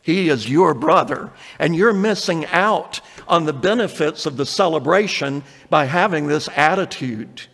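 A man's voice: on the high side, expressive, a little slow, creaky, few pauses, fairly bright tone, in a large hall. A male pastor preaching an earnest sermon, reading scripture aloud and acting out the quotes.

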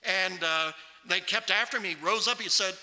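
High, forceful preacher in a reverberant church. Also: male voice. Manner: emphatic, slows right down to stress scripture. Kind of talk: sermon. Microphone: microphone on a stand. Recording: long hall reverb from a church.

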